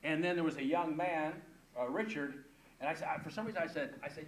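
Older man telling an animated story. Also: a little high, fast talker. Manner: lively, emphatic, repeats words and asks "right?". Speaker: pastor and missionary guest. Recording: roomy with audible background noise.

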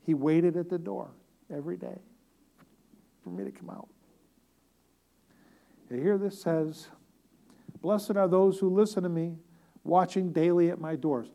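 A middle-aged male pastor preaches with a slightly raised, mellow voice. He tells stories with gentle humor. He swings between booming emphasis and soft, near-whispered asides. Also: gravelly. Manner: storytelling with humor. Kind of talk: sermon.

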